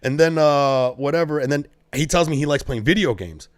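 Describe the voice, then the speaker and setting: A man with a slightly high voice tells stories in a loose podcast chat, acting out every quote and swearing as he goes. He sounds close and dry, with no room around him. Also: fairly quick, dry recording. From Detroit. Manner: animated, swears often, acts out quotes. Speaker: podcast guest, comedian. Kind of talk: casual storytelling chat.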